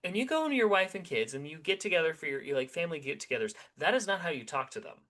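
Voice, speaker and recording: A man's voice: on the high side, sing-song, fast, bright, forceful tone. A man co-hosting a podcast, chatting casually and rambling animatedly through his opinions with many restarts. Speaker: podcast co-host.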